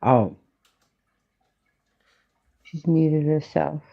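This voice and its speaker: A woman's voice: low voice, very slow, vocal fry, lo-fi sound. A woman co-hosting a livestream, giving brief, dry reactions in casual chat.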